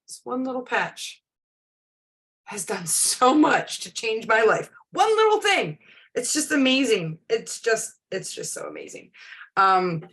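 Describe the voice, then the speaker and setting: Her voice sits mid-range with a fairly bright tone. She's in her forties, hosting a laid-back live stream where she rambles chattily and often starts sentences over after an um.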